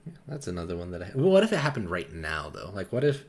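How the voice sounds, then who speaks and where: Deep-voiced goofy young man. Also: huge pitch swings, quick pace. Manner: goofy, laughs at his own jokes. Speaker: podcast co-host. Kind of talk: casual chat.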